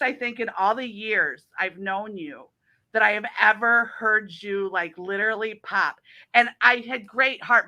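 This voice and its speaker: A middle-aged woman hosting a casual talk show, telling animated stories and laughing often. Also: a little high. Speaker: host. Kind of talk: casual chat.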